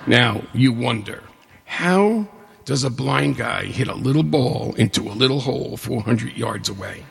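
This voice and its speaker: A man in his forties or older telling a personal story, a lively storyteller who acts out the dialogue with humor. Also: medium pitch, a little slow, vocal fry. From New York State. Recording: hall reverb.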